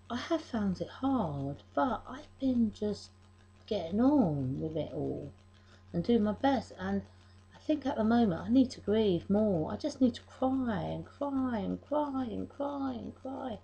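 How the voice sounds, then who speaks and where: A middle-aged woman talking in a personal faith video diary, emotional and halting, often restarting her sentences. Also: on the high side, warm tone, breathy edge, highs cut off. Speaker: vlogger.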